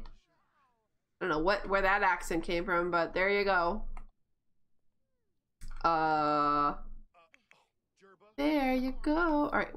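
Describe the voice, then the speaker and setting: Woman, casual live-stream commentary, slow easy delivery, bright exclamations and laughs. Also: medium pitch, lively intonation. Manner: chatty, exclaims and laughs often at the game. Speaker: gaming streamer.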